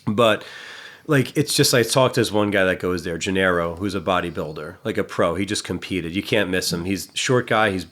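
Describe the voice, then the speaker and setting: A man with a lowish voice chats casually on a podcast as a gym trainer. He is blunt and swears freely, and he acts out the people in his stories. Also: brisk, fairly bright tone. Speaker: personal trainer and gym staff.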